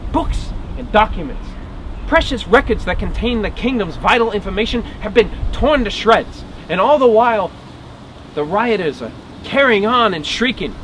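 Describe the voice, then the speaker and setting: A man playing a wry, dogged old-time marshal. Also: sits high. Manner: wry, vivid storytelling with grumbling asides. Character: 1850s kingdom marshal, wry and dogged lawman. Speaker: historical reenactor. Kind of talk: first-person dramatic monologue. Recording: outdoor recording with traffic noise.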